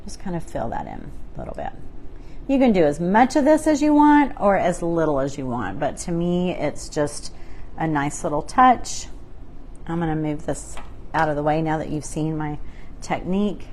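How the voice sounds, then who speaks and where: A woman's voice: sits low, very animated, moderate pace, darkish tone, slight background noise. Chatty middle-aged woman painting live. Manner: chatty, laughs often, talks through her brushwork. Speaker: craft painting host. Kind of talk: live-streamed painting tutorial chat.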